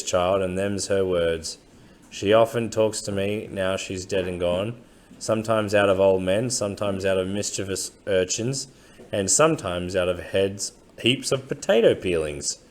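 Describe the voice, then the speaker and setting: A man reading as a disreputable old man who croaks like a parrot, with slow, folksy, rough speech. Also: fairly low pitch, natural voice. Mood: earnest.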